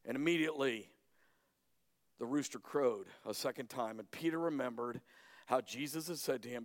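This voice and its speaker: A male pastor preaching a sermon dramatically, swinging between loud emphasis and hushed lines. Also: mid-range voice, moderate pace. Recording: echoey hall.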